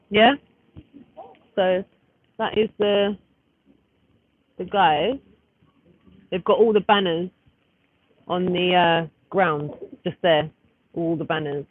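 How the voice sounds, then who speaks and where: A woman's voice: on the low side, husky. Chatty woman on a tinny phone stream. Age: 30s. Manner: chatty, rambling, often breaking off to fiddle with the phone. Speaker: livestreamer. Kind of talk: casual live-stream chat. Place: outdoors at a street gathering. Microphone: phone camera. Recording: tinny phone-like audio with faint noise.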